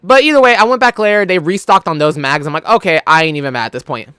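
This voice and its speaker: Profane, animated young man telling a story. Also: on the high side, fast, smooth, dry recording, clean studio sound. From California. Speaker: gaming YouTuber. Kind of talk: casual storytelling over gameplay.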